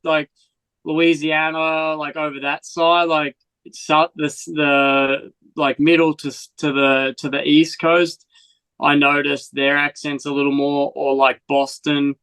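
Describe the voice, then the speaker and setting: An Australian man with a slightly raised pitch and a faint American tinge in his accent. He rambles casually through his answers, restarting thoughts and filling with "like". The sound is dry and close. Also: measured pace, clean tone, no room sound, poor audio. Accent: Australian with some American influence. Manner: relaxed, rambling with fillers and restarts. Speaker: guest, freestyle motocross rider. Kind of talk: casual interview chat.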